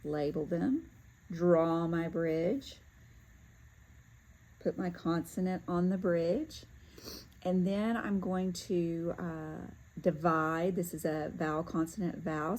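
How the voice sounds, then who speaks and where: A woman teaching a lesson, talking through each step calmly as she works, with occasional fillers and self-corrections. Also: low-pitched, slight background noise, rough recording. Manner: talks to herself while working through steps, with fillers. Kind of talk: step-by-step classroom demonstration.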